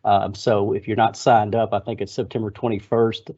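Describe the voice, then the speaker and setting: An older man with a Kentucky drawl talks slowly through a meeting update, pausing on fillers. His voice is low and mellow. The sound is dull and lo-fi, like a webinar call. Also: little pitch movement. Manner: halting, many fillers. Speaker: HR board member. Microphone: video call.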